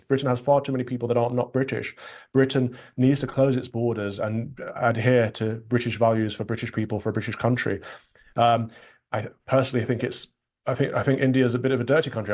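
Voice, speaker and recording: A man answers as a guest in a broadcast interview, stating blunt, firm opinions. He talks quickly in an ordinary middle pitch. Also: fairly even intonation, darkish tone. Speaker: guest commentator in a clip. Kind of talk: TV interview commentary.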